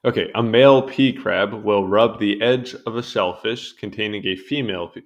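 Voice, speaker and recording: A young man with a fairly low voice reads through an encyclopedia page in a loose, casual way. He keeps wandering off into amused side comments. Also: moderate pace. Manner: rambling, easily sidetracked, amused asides. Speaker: video host reading a wiki article. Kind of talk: casual read-along commentary.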